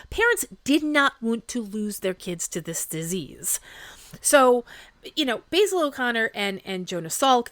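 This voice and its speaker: A woman's voice: mid-range voice, a bit bright, dry recording. Chatty wry woman podcaster. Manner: chatty and wry, with quick asides and filler likes. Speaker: podcast host. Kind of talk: casual history podcast storytelling.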